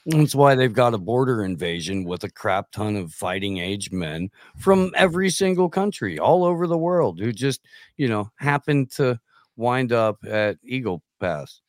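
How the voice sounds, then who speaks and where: A man in casual podcast chat who gives blunt opinions in halting bursts full of fillers. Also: mid-range voice, animated, no room sound, clean studio sound.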